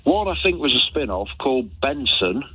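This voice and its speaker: A man's voice: medium pitch, sing-song, brisk, bright, forceful tone, breathy edge, no room sound. A man calling a radio phone-in, reminiscing with lots of hesitant fillers. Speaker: radio caller. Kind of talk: chatty phone-in call. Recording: phone line.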